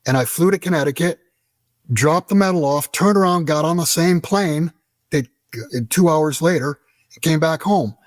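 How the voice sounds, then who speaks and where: A middle-aged American man telling a story as an interview guest, animated and profane, acting out the dialogue. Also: fairly high pitch, normal speed, dry recording. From United States.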